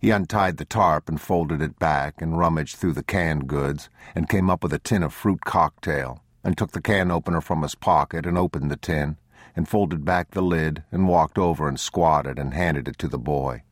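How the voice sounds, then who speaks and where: A man reading a novel aloud as audiobook narrator in a measured, sombre, deliberate manner, recorded on a close mic. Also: a bass voice, dry recording. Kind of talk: scripted literary narration.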